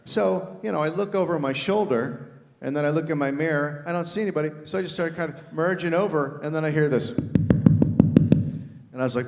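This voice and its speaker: A middle-aged man doing animated stand-up comedy, shouting his acted quotes. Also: fairly high pitch, fairly quick. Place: large theater stage. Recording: reverberant theater hall. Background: audience laughter.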